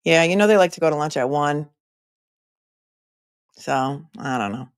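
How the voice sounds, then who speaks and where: A woman's voice: sits low, measured pace, clear, resonant tone, no echo, clean studio sound. A middle-aged woman hosting a casual live stream, reading viewer comments aloud with snarky asides and many hesitant fillers. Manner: snarky, chatty, frequent hesitations.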